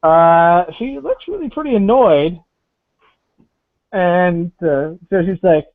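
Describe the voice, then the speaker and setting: A man narrating a tabletop game as game master, halting with many fillers. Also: high-pitched, lively intonation, no room sound. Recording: tinny phone-like call audio.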